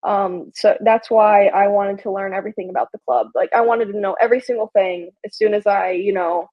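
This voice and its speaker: A woman's voice: mid-range voice, brisk, lo-fi sound. A young woman from Chicago, a podcast guest, talking eagerly and filling her speech with ums and likes. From Chicago, USA. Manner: excitable, lots of fillers and restarts. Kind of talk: casual interview chat.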